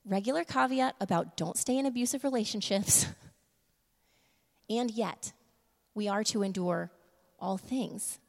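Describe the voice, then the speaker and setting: A woman giving a casual sermon, laughing often and moving between quick asides and slow, emphatic lines. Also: mid-range voice, gravelly, darkish tone. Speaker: church speaker. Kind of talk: casual sermon with humor and props. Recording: long reverb of a large room.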